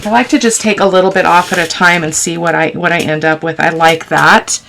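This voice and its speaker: A woman with a low, gravelly voice talks her viewers through a craft project at her table, chatty and quick to poke fun at herself. Paper crinkles and clicks sit under her voice, with steady background noise in the recording. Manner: chatty, talks to viewers while working, self-teasing. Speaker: craft channel host. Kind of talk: casual crafting tutorial.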